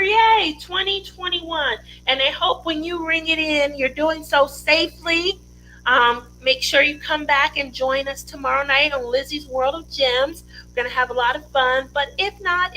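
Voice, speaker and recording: A woman's voice: high-pitched, bright, forceful tone, a little hiss or hum, poor audio. A woman hosting a casual craft livestream from her home studio, chatty and rambling, laughing often.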